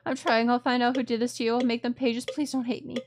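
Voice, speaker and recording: A woman's voice: on the high side, level tone, quick pace, very noisy, natural voice. A woman voicing a desperate, grieving young heroine in a game, pleading through tears. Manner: pleading, tearful.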